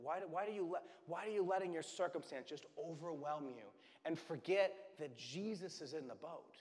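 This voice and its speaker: A man preaching a conversational sermon as pastor, acting out quoted voices and dropping softly for the words of God. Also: fairly high pitch, expressive, fairly quick, hardly any pauses, long reverb tail. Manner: conversational, acts out quoted voices, drops to soft whispers for God's words. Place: church sanctuary.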